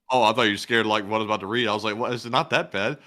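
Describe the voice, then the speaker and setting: A man's voice: on the low side, fast talker, bright, forceful tone. A man, co-hosting a live stream, who is unwell and coughing as he reads viewer names and questions aloud. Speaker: co-host.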